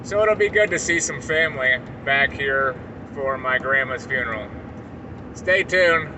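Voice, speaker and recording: Riding in a moving car, an Iowa radio host gives a travel vlog's casual narration, full of chatty, wry remarks. He speaks in a mid-range voice at a measured pace over the sound of the road and surrounding traffic.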